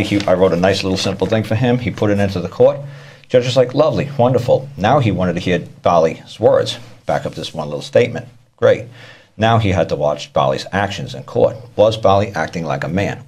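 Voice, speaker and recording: A low, darkish male voice carries this loose explanatory talk about law and court tactics. He rambles and repeats himself about court matters and acts out the people he quotes.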